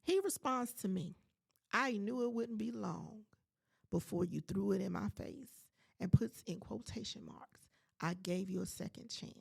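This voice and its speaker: A woman in her forties hosting a podcast, telling a personal story in a casual, animated and emphatic way, talking straight to her listeners. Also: mid-range voice, measured pace, creaky, husky. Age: 40s. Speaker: podcast host.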